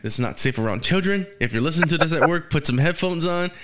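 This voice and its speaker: A man's voice: a little high, animated, fast, a bit bright. A young man telling a rambling, crude story in casual podcast chat, swearing and laughing often. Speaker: storyteller guest.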